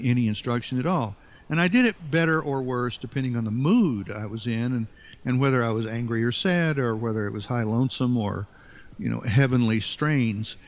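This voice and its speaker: A male guest in a radio interview, thinking aloud slowly and circling back on his words. His voice sits at an ordinary pitch for a man. The recording sounds dull and muffled, as if from an older lo-fi source. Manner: halting, repeats words while searching for phrasing. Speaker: interview guest, writer and musician. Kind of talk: reflective conversational interview.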